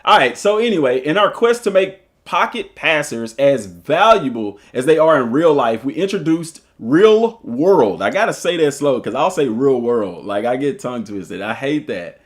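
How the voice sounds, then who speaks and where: A man's voice: mid-range voice, moderate pace, hardly any pauses. A man with a Southern US accent, a coach streaming live, reading an article aloud and joking with his viewers in casual commentary. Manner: animated and joking, chats with viewers between read passages. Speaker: streamer and school football coach.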